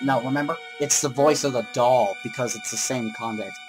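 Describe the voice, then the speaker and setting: A man's voice: mid-range voice, fairly quick, music in the background. A man playing a horror game with a friend, joking around and cutting his partner off. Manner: playful, jokes and talks over his partner. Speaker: co-op let's play player. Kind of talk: casual gaming commentary.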